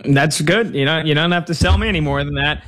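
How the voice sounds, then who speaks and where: A man's voice: fairly high pitch, fast talker, fairly bright tone, a little hiss or hum. A man hosting a sports betting radio show, plugging his guest and tossing questions with folksy banter. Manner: upbeat, folksy promos and banter.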